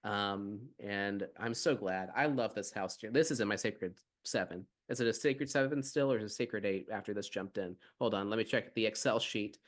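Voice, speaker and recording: A man's voice: lowish voice, normal speed, hardly any pauses. A man co-hosting a podcast in casual chat, rambling and playful. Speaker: podcast co-host.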